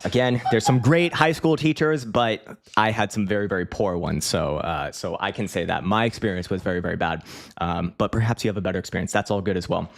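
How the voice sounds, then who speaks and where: Laid-back, low-voiced streamer man. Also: brisk. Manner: loose and profane, heavy fillers and restarts, laughs often. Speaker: crypto trading streamer. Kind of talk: casual livestream chat reading viewer comments.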